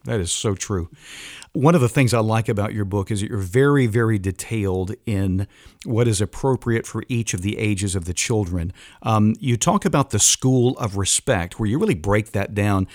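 A man's voice: lowish voice, normal speed, darkish tone, no room sound, clean studio sound. A male host interviewing an author, affirming and conversational. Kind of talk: radio interview.

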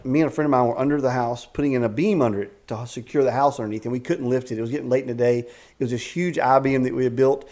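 A man in his fifties tells stories at a middle pitch. He is animated and keeps restarting his sentences, and his talk is full of faith. He sounds like a ministry leader chatting in a casual interview. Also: quick pace. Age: 50s. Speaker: executive director of a ministry camp. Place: a house at a rural camp.

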